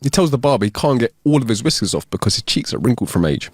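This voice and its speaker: A man reading jokes aloud, telling them as steady stories. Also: mid-range voice, fast talker, slightly rough, no room sound, clean studio sound. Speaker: joke reader.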